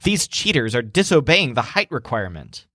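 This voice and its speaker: A man voicing a proud, strict female storekeeper in an animated language-lesson story, speaking quickly and accusingly. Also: medium pitch, no room sound, studio quality. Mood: furious.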